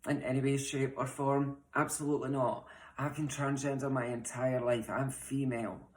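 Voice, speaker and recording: Her voice is extremely low with little pitch movement, delivered at an ordinary pace. This young Scottish trans woman addresses the camera directly in a frustrated, impassioned plea, blunt and sprinkled with swearing. The echoey recording comes from a home room in the middle of a move.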